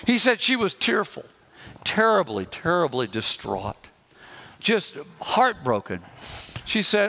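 A man preaching a sermon as pastor, slowing down and pressing hard on key phrases. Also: high voice, wildly swooping pitch, vocal fry, bright, forceful tone. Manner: emphatic, slows and rises on key phrases.

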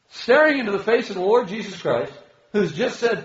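A man pastor delivers an animated sermon in a church sanctuary. His fairly high voice jumps between loud, high exclamations and hushed, low asides. The recording is dull and lo-fi, with a strong echo from the room. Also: normal speed. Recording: echoey hall, dull lo-fi sound.

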